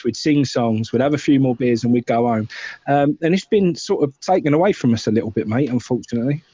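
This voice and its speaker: A man's voice: mid-range voice, dark tone, no echo. A man co-hosting a football fan live stream, talking in a blunt, rambling, sweary way. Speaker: football fan show co-host. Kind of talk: casual live-stream chat. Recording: dry, muffled lo-fi audio.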